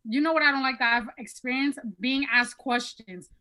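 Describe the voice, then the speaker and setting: A woman's voice: high voice, moderate pace, a crowd in the background. A woman playing a party game with friends, blunt and crude as she teases the others. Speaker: regular co-host and player. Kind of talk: casual game banter.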